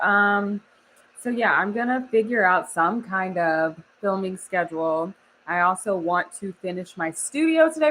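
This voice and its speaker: A woman's voice: mid-range voice, moderate pace, fairly bright tone, slight background noise, poor audio. A young woman from Oklahoma chatting casually on a live stream, laughing often and reading the chat aloud. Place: home studio.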